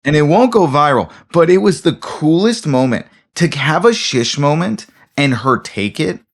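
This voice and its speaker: A man's voice: fairly high pitch, normal speed. A man, a comedian co-hosting a podcast, telling a story in casual chat and acting out the people in it. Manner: animated storytelling, acts out voices.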